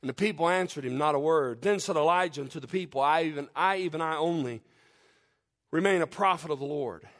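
A man's voice: fairly high pitch, fairly quick. Fervent male preacher. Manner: fervent, rising to loud emphatic peaks then dropping quiet; reads scripture in King James wording. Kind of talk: sermon with scripture reading and prayer.

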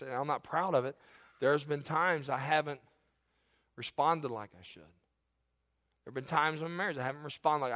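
Male pastor, animated sermon delivery, voice sits a bit high. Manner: animated storytelling with sudden loud high bursts.

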